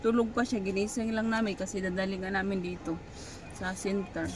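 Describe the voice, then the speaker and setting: A woman's voice: medium pitch, flat delivery, fairly quick. A young Filipino mother chatting casually on a vlog, coaxing and scolding her toddler while waiting outside. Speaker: mother vlogging with her children. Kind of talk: casual vlog chat, mixing Tagalog and English. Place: outdoors waiting near a clinic. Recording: noisy traffic behind. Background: passing vehicles.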